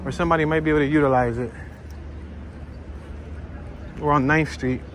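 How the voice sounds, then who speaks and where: A man talks loosely and jokingly to his camera while strolling outdoors, drifting from one topic to the next. His voice sits a little high for a man. Faint city sounds hum behind him. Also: fairly even intonation, brisk, fairly bright tone. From North Philadelphia. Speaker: walking tour vlogger. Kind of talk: casual chat while walking.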